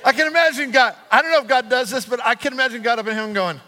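A man's voice: very high-pitched, rapid-fire, sharp tone. A middle-aged man preaching a sermon as pastor, telling a personal story casually and then building to emphatic, repeated calls. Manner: preaching with rising emphatic repetition, chatty storytelling. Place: church auditorium.

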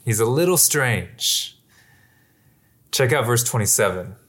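A man's voice: medium pitch, expressive, a little slow, fairly bright tone. A man preaching a sermon in a casual, conversational way, with many fillers and asides. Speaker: pastor.

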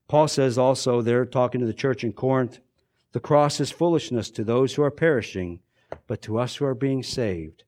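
A male pastor preaching a sermon, swinging between fervent, raised passages and hushed, quiet ones, repeating phrases for emphasis. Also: medium pitch.

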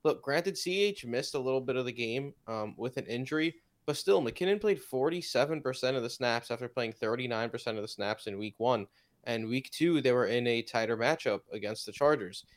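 A man co-hosts a casual sports podcast, driven by stats and quick to tease. His voice sits at an ordinary middle pitch. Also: lively intonation. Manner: teasing, stat-driven. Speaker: podcast co-host. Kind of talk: casual fantasy football analysis.

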